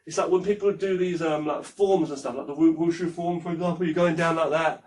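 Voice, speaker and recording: A man gives a rambling, casual martial arts lesson, demonstrating moves as he speaks and swearing freely. His voice is on the high side, steady, brisk and a little mellow. He sounds distant from the mic, with slight background noise.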